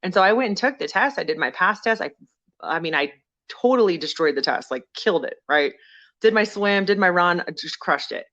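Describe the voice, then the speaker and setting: A woman guest on a podcast, telling her own story casually and acting out the people in it with big pitch jumps. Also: lo-fi sound. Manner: animated, acts out quoted people with sudden jumps in pitch. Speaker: podcast guest, veteran and former firefighter.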